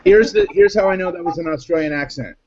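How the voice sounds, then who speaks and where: A man's voice: high voice, quick pace, a little mellow, dull audio, some chatter behind, a little hiss or hum. A man hosting a casual live panel chat, joking and rambling. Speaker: host.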